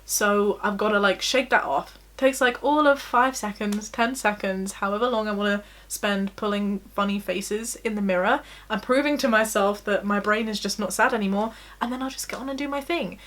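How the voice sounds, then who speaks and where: A woman's voice: medium pitch, normal speed, few pauses, a bit bright. A young woman vlogging candidly from her bedroom, self-deprecating and laughing often as she talks. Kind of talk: personal confessional vlog.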